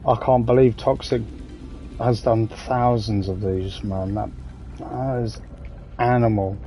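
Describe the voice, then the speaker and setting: Gravelly English man streaming a game. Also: lowish voice, steady tone, slow, dark tone, soft background music, poor audio. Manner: rambling, jokey, swears casually. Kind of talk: casual gaming commentary.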